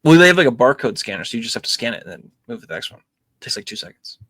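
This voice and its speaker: Racing along in a mid-range voice with a breathy edge, a young podcast host chats casually about movies. He's relaxed and leans heavily on fillers like um and like.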